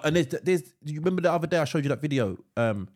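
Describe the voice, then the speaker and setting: Brief: male podcast co-host, slightly higher voice with very lively pitch, chatty and inquisitive. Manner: chatty, asks rapid follow-up questions. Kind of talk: casual chat.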